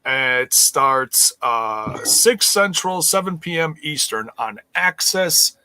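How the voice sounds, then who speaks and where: A man's voice: fairly high pitch, lively intonation, slow pace, bright, forceful tone, a little hiss or hum. A man co-hosting a casual wrestling podcast, reading out the news in a rambling way with many fillers.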